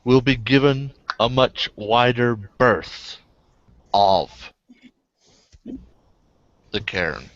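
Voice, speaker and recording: A man voicing a formal, courteous male vampire doctor in a tabletop game, speaking in a measured way. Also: medium pitch, expressive, fairly bright tone, dry recording. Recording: dry, muffled lo-fi recording.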